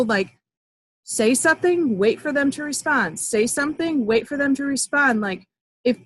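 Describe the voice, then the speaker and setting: A woman's voice: fairly high pitch, a bit bright, dry recording, poor audio. Chatty upbeat woman coaching on a call. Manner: chatty and upbeat, with fillers and acted-out example dialogue. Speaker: network marketing coach. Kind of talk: live online training call.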